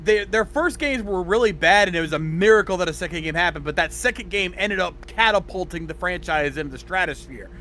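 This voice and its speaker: A man's voice: sits high, fairly quick, hardly any pauses, pushed and bright, a little hiss or hum. A man on a casual gaming podcast, telling industry history with enthusiasm. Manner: storytelling, explains history with enthusiasm. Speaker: podcast co-host.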